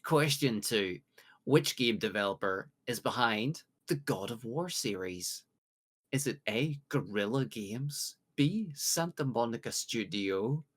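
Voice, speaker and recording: Man, from the UK, casual quiz host, jokey, slow teasing reads. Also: medium pitch, expressive. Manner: jokey, reads questions with drawn-out pauses. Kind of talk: casual podcast quiz hosting.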